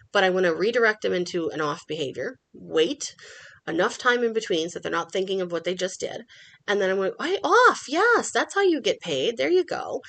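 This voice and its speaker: A middle-aged woman hosting a dog-training podcast, explaining methods in an instructional tone and acting out the dogs' thoughts in a playful voice. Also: vocal fry. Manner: animated, acts out dog thoughts in a high playful voice.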